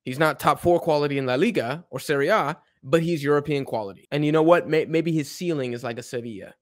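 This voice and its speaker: A man hosting a football video, talking casually in an animated, opinionated, rambling way. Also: on the high side, quick pace. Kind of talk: casual football rant to camera.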